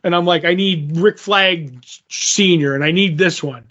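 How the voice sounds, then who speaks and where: A man with a high voice tells a story in a casual chat, bouncing into the voices of the people he quotes. The audio is dull and lo-fi, like a cheap podcast recording. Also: a little slow. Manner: animated, acts out quoted dialogue. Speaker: podcast co-host.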